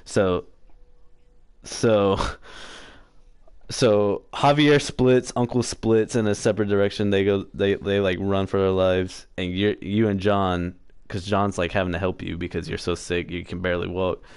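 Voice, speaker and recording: A man's voice: low voice, flat delivery, a little slow, a little mellow, clean tone, no echo, clean studio sound. A man giving casual gameplay commentary, rambling through a story recap with fillers, self-corrections and offhand swearing. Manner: profane, offhand. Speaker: gameplay streamer.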